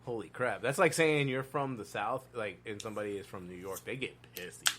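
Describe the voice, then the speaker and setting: A man in casual podcast chat who tells rambling, cursing stories and acts out what other people said. His voice sits a little low. Faint noise runs under the recording. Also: a little fast. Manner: loose, profane storyteller who quotes others. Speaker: podcast host.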